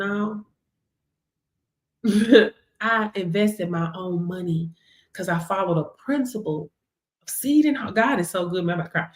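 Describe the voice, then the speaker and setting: A woman hosting a live stream, giving a motivational faith talk from home, animated and preachy, laughing often and calling listeners baby. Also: mid-range voice, unhurried, pauses often, echoey room. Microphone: device camera.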